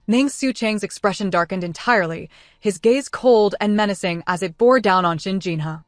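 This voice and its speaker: Woman reading a story, dry close mic, soft music behind. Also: medium pitch, moderate pace, hardly any pauses, no echo. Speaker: narrator. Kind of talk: scripted narration. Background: faint music.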